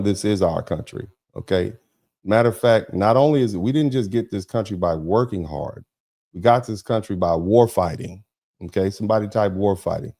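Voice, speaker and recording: Middle-aged male stream host, low mellow voice, emphatic and repetitive, sarcastic. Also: gravelly. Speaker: host of a commentary broadcast. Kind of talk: livestream commentary.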